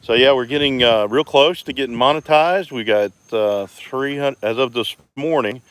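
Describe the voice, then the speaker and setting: With a clear, resonant, mid-range voice at a moderate pace, this vlogger chats casually on a live stream as he walks around his homestead outdoors. He holds his phone, stays relaxed and talkative, and greets viewers by name.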